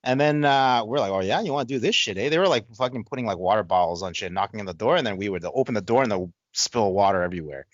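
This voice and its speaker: A man's voice: fairly low pitch, animated, quick pace, few pauses, no room sound, muffled recording. A man co-hosting a podcast, telling a profane story and quoting friends in dialogue. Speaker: podcast co-host. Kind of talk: casual storytelling chat.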